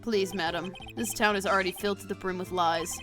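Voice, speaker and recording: A woman plays a world-weary male prosecutor from a video game, slow and low with a smug, brooding edge. Game music plays clearly behind the voice. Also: steady tone, natural voice. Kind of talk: reading a visual novel aloud.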